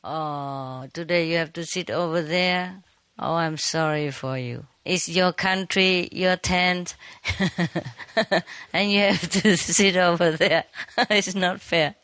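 A woman's voice: lowish voice, expressive, takes it slowly, fairly bright tone, smooth, no room sound. A woman teacher giving an informal talk to a retreat audience, teasing them playfully with frequent laughter and switching between English and Chinese.

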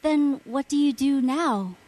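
A woman asks respectful questions slowly and with deference. Her voice sits slightly high and sounds dry and close. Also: a little mellow, no room sound. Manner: deferential, reacts with awe. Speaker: interviewer.

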